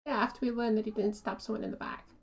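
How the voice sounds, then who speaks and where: A woman's voice: on the high side, flat delivery, a little hiss or hum. A woman streaming a game, chatting casually with viewers and laughing easily. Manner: chatty, amused, quick to laugh.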